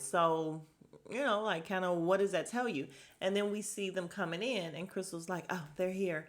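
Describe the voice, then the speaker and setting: A woman casually recapping a reality show, retelling scenes and reacting loudly and bluntly, often laughing. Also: medium pitch, moderate pace. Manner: animated, swings between hushed retelling and loud outbursts.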